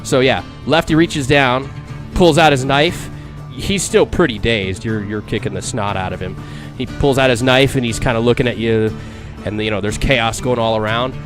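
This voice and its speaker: A man's voice: medium pitch, over music. Casual male game master. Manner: casual, halting, repeats words. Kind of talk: narrating a tabletop game.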